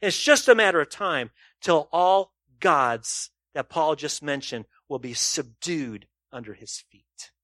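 A man preaching a sermon in a somewhat high voice, the sound close and dry. He presses his listeners with rhetorical questions and swings between loud emphasis and soft, low asides. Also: lively intonation, unhurried, few pauses, no echo. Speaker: pastor.

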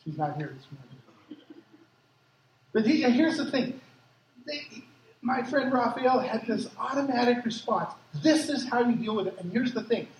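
A man who grew up in Africa, preaching a sermon with lively personal stories and acted-out quotes, as a pastor. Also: very high voice, normal speed, long pauses. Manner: lively storytelling, acts out quotes. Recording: echoey hall from far off, faint ambience.

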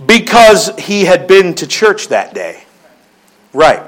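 A man's voice: high-pitched, big pitch swings, slow pace, poor audio. A man preaching a sermon, telling stories in a joking, conversational way. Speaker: pastor.

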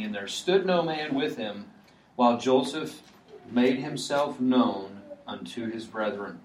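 A man's voice: medium pitch, expressive, takes it slowly, slight background noise. A man preaching a sermon in a conversational way, often restarting his sentences with filler words. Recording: echoey room, mic at a distance.

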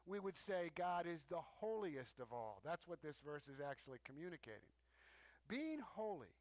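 A man preaching a sermon as a teaching, emphatic, stressing points with rising pitch. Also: no echo.

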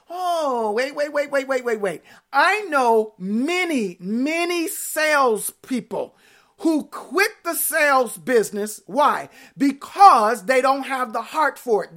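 A woman, preaching a sermon in an animated, playful way full of rhetorical questions. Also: high-pitched.

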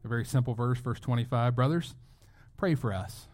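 A mid-pitched man preaches a sermon to his congregation. He speaks earnestly and leans hard on key phrases. He often stops and restarts his sentences as he goes. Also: fairly quick, darkish tone. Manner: earnest, emphatic, with frequent restarts. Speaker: pastor.

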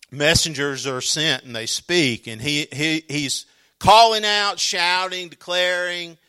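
A man's voice: mid-range voice, sharp tone, clean tone. A man preaching a sermon as pastor, earnest and emphatic, often restarting his sentences.

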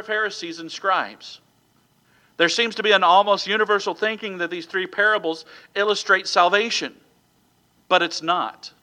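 Male preacher with a bright, slightly high voice, reading scripture and preaching with call-and-response asides. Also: poor audio. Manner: reads King James scripture aloud, then preaches with "Amen?" asides.

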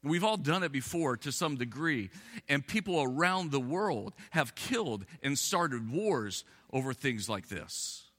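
A man preaching a sermon, moving between quick asides and slow, emphatic phrases. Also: medium pitch, expressive, a bit bright. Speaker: pastor. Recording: echoey hall.

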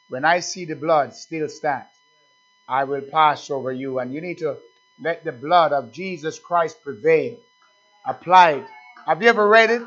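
A man preaches with fervor, his fairly high voice climbing into shouted praise and then sinking to low, quiet asides. He stumbles through fillers and restarts as he goes. The recording sounds dull and lo-fi. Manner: fervent, rising to shouted hallelujahs and dropping to low asides; halting with many fillers and restarts. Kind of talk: sermon.

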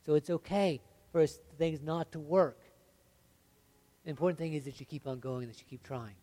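A man preaching a conversational sermon, often checking in with "right?" and "okay?", moving between lively emphasis and quiet, earnest stretches. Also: on the high side, moderate pace. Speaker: pastor.

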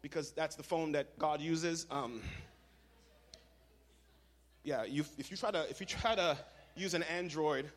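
A young man preaching a lively, joking sermon to a congregation, leading call-and-response. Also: a little high, a little slow, pauses often. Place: church hall. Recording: reverberant hall.

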